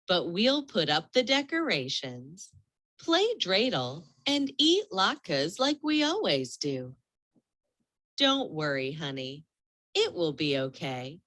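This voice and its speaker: A gentle, soothing father, as a woman reading a storybook puts him on. He talks slowly and calmly, with a lively lilt to his voice. The recording is dry and close. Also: on the low side, no echo, exaggerated voice. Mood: reassuring. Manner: soothing, reassuring. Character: gentle reassuring dad.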